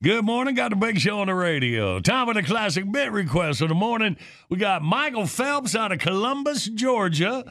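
Chummy, high-voiced male radio host. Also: very animated, normal speed, fairly bright tone. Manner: chummy, laughing. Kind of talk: morning radio banter.

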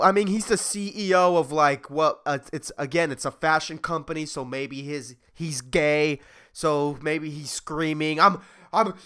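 A man's voice: fairly high pitch, fairly bright tone, clear, resonant tone. A man hosting a solo comedy podcast, rambling and swearing, laughing at his own jokes. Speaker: podcast host.

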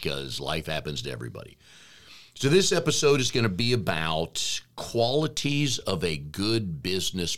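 A man's voice: low-pitched, a bit bright. A man co-hosting a business coaching podcast, chatting casually with an easygoing, jokey manner.

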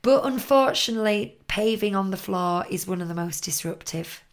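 Female podcast host, chatty and upbeat, mid pitch. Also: moderate pace. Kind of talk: casual chat.

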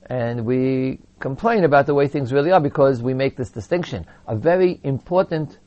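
A man's voice: mid-range voice, lively intonation, normal speed, darkish tone, dull audio. A man teaching a Torah lecture, explaining texts and acting out quoted complaints with emphasis.

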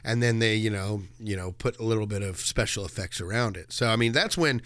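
Man, podcast cohost, casual movie chat, animated, smooth resonant voice, dry recording. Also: lowish voice, fairly quick, no room sound. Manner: animated, laughs often and acts out movie quotes. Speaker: podcast co-host.

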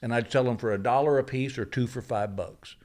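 A man speaking in a studio as a comedian guest, spinning long anecdotes at a mid-range pitch. He slips into the voices of the people in his tales as he tells them. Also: fairly quick. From Texas. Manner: animated storyteller who acts out the people in his stories. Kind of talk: anecdotal storytelling.

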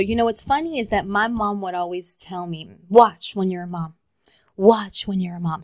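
A woman's voice: medium pitch, no room sound. A woman in her forties talks frankly and casually as a podcast co-host, tossing in the odd curse and a few Spanish words. Her mid-range voice sits dry and close, with no room around it. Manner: candid, swears casually, mixes in Spanish. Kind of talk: casual chat.

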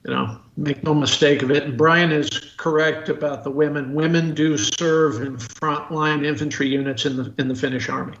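Halting man on an echoey, muffled line. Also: fairly high pitch, steady tone, a bit bright. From United States. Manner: halting, full of restarts and fillers. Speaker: guest expert on military rifles. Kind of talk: podcast interview.

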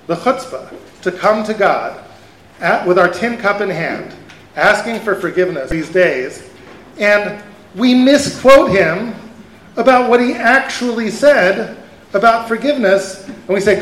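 A rabbi teaching a class, a man speaking in an animated lecture style with lots of rhetorical questions. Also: high voice. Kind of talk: lively lecture. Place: event hall. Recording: roomy hall sound.

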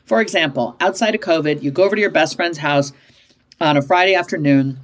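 A woman in her fifties telling parenting stories in an interview, emphatic and animated, often switching into higher voices to act out quoted parents and kids. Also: a little fast. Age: 50s. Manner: emphatic, punctuates points with "okay?". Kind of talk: conversational storytelling in an interview.

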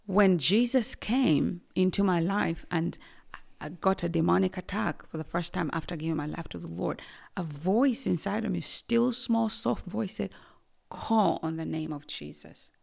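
As a guest, a woman from Uganda gives an earnest personal testimony in a lowish, gravelly voice at normal speed. She is emphatic, dropping to soft near-whispers at the intense moments.

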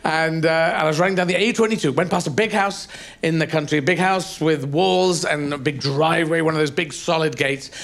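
A man's voice: fairly high pitch, fairly even intonation, a little fast, a bit bright. A man doing a rambling, self-mocking stand-up set on a comedy club stage. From England. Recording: live stage with audience.

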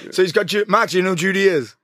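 A male host in casual chat who teases his guest with quick interjections. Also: high voice, a bit bright, dry recording.

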